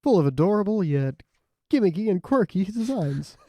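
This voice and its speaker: A man's voice: sits high, sing-song, normal speed, mellow, no echo, clean studio sound. A man guesting on a podcast, chatting casually and riffing on jokes with frequent giggles. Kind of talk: casual comedic chat.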